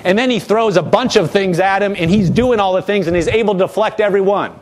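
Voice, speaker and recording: A man preaching a sermon as pastor, lively and animated, acting out quotes from the people he talks about. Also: sits high, fast talker.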